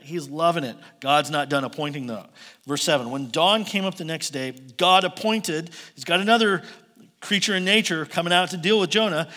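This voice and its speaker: High, bright-voiced animated male preacher. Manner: animated, sarcastic storytelling with acted-out voices. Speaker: pastor. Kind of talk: sermon.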